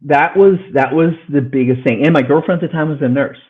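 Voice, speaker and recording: A man's voice: fairly high pitch, a little fast, breathy edge. Earnest man telling his story over a phone-like line. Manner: earnest, retells dialogue in raised voices. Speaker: guest. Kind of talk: podcast interview storytelling.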